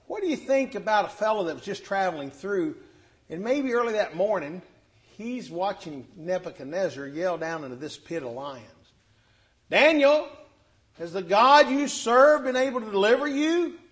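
A man preaching a sermon, telling Bible stories and acting out the quotes. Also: sits high. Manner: animated, acts out scripture quotes.

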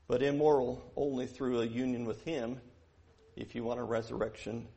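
A man preaching a sermon who moves from quiet verse-by-verse teaching to loud, emphatic preaching, repeating phrases for emphasis. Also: mid-range voice, steady tone, moderate pace, creaky.

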